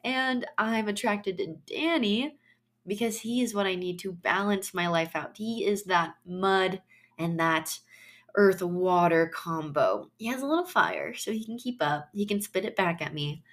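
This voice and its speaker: A woman's voice: medium pitch, measured pace, a bit bright. A woman hosting her own podcast, explaining astrology in a chatty monologue and telling personal stories in loose, trailing phrases.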